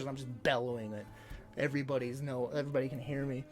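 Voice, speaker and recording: With soft music playing behind him, a man streams live and spins stories for his chat, performing quotes loudly and animatedly. His voice is mid-range and his pace quick.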